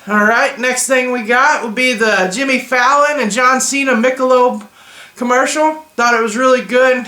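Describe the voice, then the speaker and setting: A man's voice: extremely high pitch, sharp tone, echoey room. A young man giving opinionated, joking reactions in a casual, slangy vlog. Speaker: vlogger.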